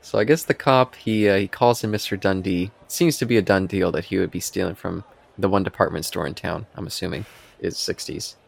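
A man with a low, rough, gravelly voice talks casually on a podcast. He retells scenes from a show, slipping into quoted lines and laughing often. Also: brisk. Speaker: podcast co-host. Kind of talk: casual chat reviewing a TV episode.

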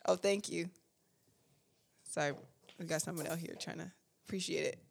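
A woman's voice: fairly low pitch, steady tone, moderate pace, gravelly, slight background noise. A young woman co-hosting a podcast, chatting casually in a teasing, playful way. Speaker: podcast co-host. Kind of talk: casual chat.

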